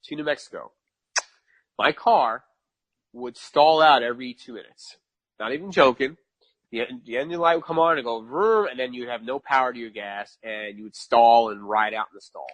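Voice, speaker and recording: A man from New York chats as a podcast guest, spinning a long story with lively emphasis. He often repeats phrases and laughs at his own bad luck. His voice sits in a middle pitch, and the recording is dry and close. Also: normal speed, dry recording. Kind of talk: casual storytelling.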